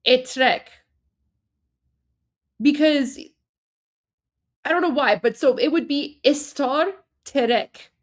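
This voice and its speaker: A woman co-hosting a livestream, chatting casually with lots of fillers and restarts and frequent laughter. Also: sits high. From Iran. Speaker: livestream co-host.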